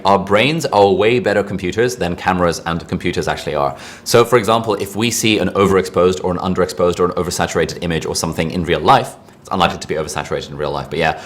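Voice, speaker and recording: Male instructor, low voice, quick and rambling, casual lesson delivery. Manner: chatty, rambling asides, frequent "like". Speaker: online course instructor.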